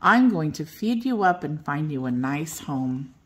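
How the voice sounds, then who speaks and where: A woman voicing a gentle, kindly male horse doctor with a soothing manner. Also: deep voice, very animated, unhurried, exaggerated voice.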